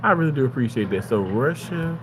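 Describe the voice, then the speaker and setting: A man streaming live and reading his chat aloud, excitable, yelling at and pleading with chatters. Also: medium pitch, a little fast, noisy background.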